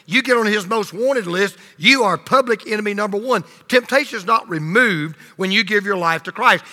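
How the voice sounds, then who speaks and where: A male pastor preaching a sermon, swinging between loud emphasis and hushed low lines, leading the congregation in call and response. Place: church sanctuary. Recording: long reverb of a large hall.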